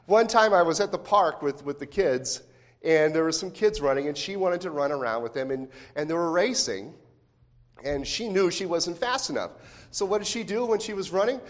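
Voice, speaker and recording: A man's voice: on the high side, lively intonation, normal speed. A man preaching a sermon as pastor, talking in a conversational way with frequent rhetorical questions and restarts. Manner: repeats words when restarting phrases.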